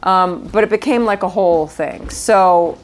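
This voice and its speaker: A woman's voice: on the low side, measured pace. A middle-aged woman from New York, a guest actress telling stories at home in a casual interview, swearing freely and laughing mid-story.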